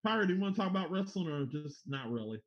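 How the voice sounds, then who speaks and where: A man hosting a casual sports podcast, excitable and stammering, swearing often. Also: sits high, racing. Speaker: podcast host. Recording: echoey room, dull lo-fi sound.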